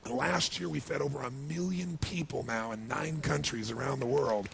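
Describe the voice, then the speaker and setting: A man telling an emotional story to a seminar audience, building to excited outbursts. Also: mid-range voice, normal speed, creaky, noisy background. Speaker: motivational speaker. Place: large seminar hall with audience.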